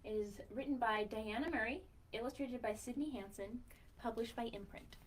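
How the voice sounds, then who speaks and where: A woman librarian reading a picture book aloud to young children in a sing-song way, pausing to ask questions and count slowly. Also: on the high side, a little hiss or hum.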